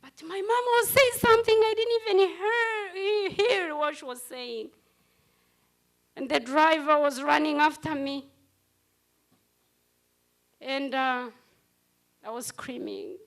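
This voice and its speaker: A middle-aged woman giving a personal testimony at a commemoration, speaking in short, halting phrases. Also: high-pitched, fairly bright tone. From Rwanda.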